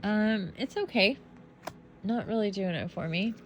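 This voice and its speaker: A sleepy woman casually commenting on tarot cards as she unboxes a deck, relaxed and trailing off as she goes. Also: medium pitch, a little slow, muffled recording, a little hiss or hum. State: sleepy, yawning.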